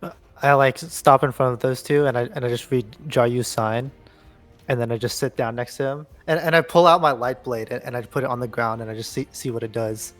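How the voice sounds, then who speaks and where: A man's voice: medium pitch, steady tone, fairly quick, a bit bright. A man in a mid-range voice playing a tabletop game, hesitantly describing his character's actions and repeating words. Faint music runs behind him. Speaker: player.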